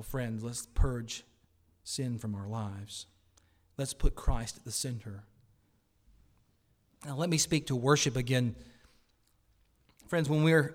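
Preaching during a church service, this medium-pitched male pastor shifts back and forth from forceful, loud proclamations to soft, heartfelt appeals.

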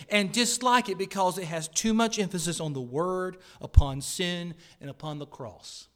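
A male pastor preaching a sermon at a church service, swinging between loud, emphatic declarations and quiet, earnest pleas. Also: high voice, normal speed, few pauses.

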